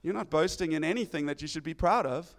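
A man preaching a sermon, animated and conversational, acting out the voices he quotes. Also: a little high, fast talker.

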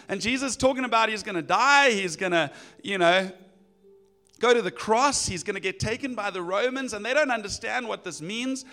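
A man preaching a sermon, animated and acting out voices of people in the story. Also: high-pitched, normal speed, faint music behind. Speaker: pastor.

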